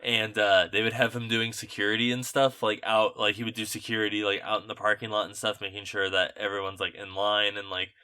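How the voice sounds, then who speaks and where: A man's voice: fairly low pitch, level tone, brisk, hardly any pauses, pushed and bright, smooth. A young man chatting on a podcast, telling stories in a rambling way with lots of fillers and casual swearing. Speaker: podcast host. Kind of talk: casual chat.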